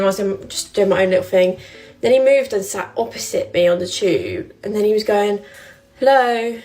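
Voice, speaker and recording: A woman, telling a story casually with lots of fillers. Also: medium pitch. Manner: chatty, filler-heavy retelling. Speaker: vlogger.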